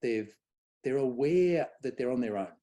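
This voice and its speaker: A middle-aged man, a guest on event safety, telling anecdotes in a lively way and acting out quoted dialogue. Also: medium pitch, unhurried. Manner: animated storyteller, acts out quoted dialogue. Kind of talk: conversational anecdote.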